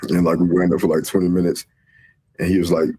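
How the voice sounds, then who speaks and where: A man's voice: low-pitched, level tone, quick pace, warm tone, a little hiss or hum. A man telling his story in a casual interview, laid-back and matter-of-fact. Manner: laid-back, plain recounting. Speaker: interview guest, dancer.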